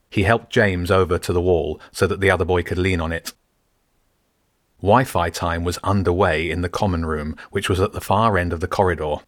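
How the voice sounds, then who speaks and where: A man reading a story aloud in steady, measured scripted narration. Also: deep voice, no echo, clean studio sound. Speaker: audiobook narrator.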